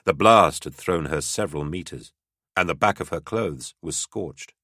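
Deep forceful audiobook narrator, man. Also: normal speed, dry recording, studio quality. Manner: steady, dramatic storytelling.

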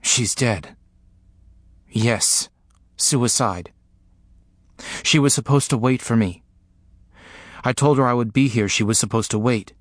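A man reading a first-person memoir aloud, in a slow, grave, repetitive delivery. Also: medium pitch, no echo, clean studio sound. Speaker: narrator.

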